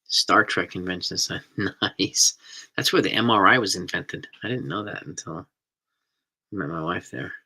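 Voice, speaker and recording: A man's voice: deep voice, moderate pace, pushed and bright, husky. A middle-aged man, hosting a live stream and chatting casually with viewers, rambling and enthusiastic. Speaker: host reading live chat.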